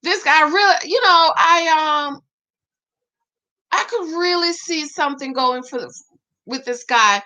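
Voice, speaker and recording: A woman's voice: high-pitched, unhurried, pauses often. A woman giving dating and marriage advice in a casual, sassy chat, talking straight to her women viewers and calling them "girl.". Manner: sassy, animated, addresses listener as "girl"; acts out quoted voices. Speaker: relationship advice vlogger.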